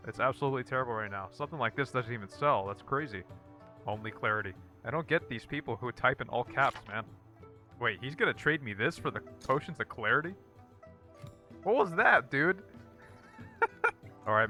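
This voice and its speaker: Male gaming host, bright tense tone, dry repetitive verdicts, faint music underneath. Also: mid-range voice, a little fast. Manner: repeats one-word verdicts in a dry, flat way. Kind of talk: casual gameplay commentary.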